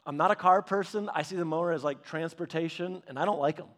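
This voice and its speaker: A man's voice: a little high, brisk, a bit bright. A man in his thirties preaching, telling rambling personal stories in a casual, chatty way with frequent restarts. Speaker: pastor.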